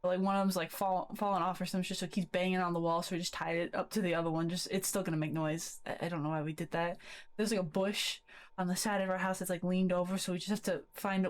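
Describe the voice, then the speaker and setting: Giggly rambling young woman streamer. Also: fairly low pitch. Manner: rambling, giggly, swears freely. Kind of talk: casual live-stream chat. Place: bedroom at a desk.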